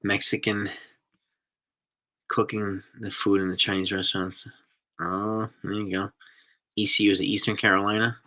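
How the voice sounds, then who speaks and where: Low-voiced new guy chatting w his stream, bright edgy tone, rambly. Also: flat delivery, moderate pace, long pauses. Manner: chatty, rambling, enthusiastic about food. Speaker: host reading live chat. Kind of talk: casual live-stream chat.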